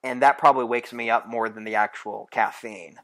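A man's voice: medium pitch, steady tone, fairly quick, a bit bright. A man talking as a guest in a casual interview, easygoing and hesitant, with frequent chuckles and fillers. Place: California.

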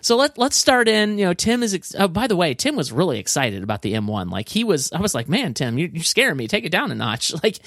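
An enthusiastic man chatting casually about tech, his pitch leaping up when he gets excited. He restarts sentences often as his thoughts race ahead of him. The sound is dry and close. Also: fast, few pauses, dry recording. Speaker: podcast co-host.

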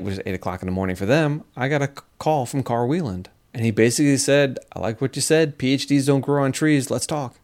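Middle-aged guy telling stories in an interview, acts out the quotes, laughs a lot. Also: mid-range voice. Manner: animated storyteller, acts out quotes, laughs often. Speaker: scientist and creation speaker. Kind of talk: casual interview talk.

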